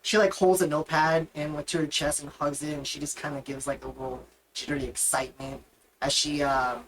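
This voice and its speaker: A woman's voice: low voice, flat delivery, brisk, rough recording. A woman narrating a tabletop game as game master in a casual, rambling way. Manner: casual, rambling, with many fillers.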